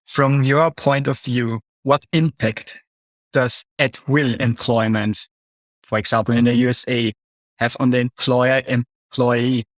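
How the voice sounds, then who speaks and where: Man, webinar moderator, brief, affirming, reads questions, mid pitch, dry. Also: fairly even intonation, a little slow, dry recording.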